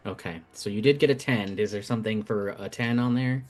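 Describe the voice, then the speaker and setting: A man running a tabletop game as game master, explaining rules and narrating in a measured way. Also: on the low side, a little mellow, faint music behind. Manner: measured, thinking aloud.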